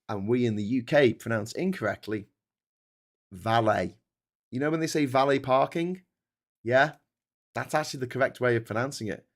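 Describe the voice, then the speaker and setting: Low and creaky, this British man's voice carries his casual live stream. In his fifties, he works through viewer comments and rants, cursing often and frequently starting over.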